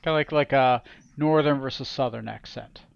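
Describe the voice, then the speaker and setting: A man's voice: mid-range voice, normal speed, vocal fry, clear, resonant tone, lo-fi sound. A man narrating as game master of a tabletop game, casual and self-correcting.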